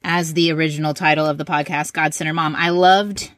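A woman hosts a casual podcast and stays a supportive listener, often affirming what her guest says. Her voice sits on the low side, and the sound is dry and close. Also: steady tone, fairly quick, fairly bright tone, dry recording. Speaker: podcast host.

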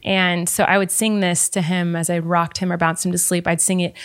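A young woman and mother chatting casually about songs she wrote for her son. She talks quickly and emotionally and often laughs at herself. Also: fairly low pitch, level tone. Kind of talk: casual chat. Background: ukulele.

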